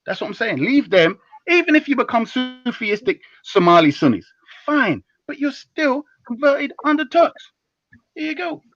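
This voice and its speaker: A young man hosting a live stream, talking in slangy, teasing, heated casual banter that jumps between loud and low. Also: sing-song, normal speed, soft background music. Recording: dull lo-fi stream audio.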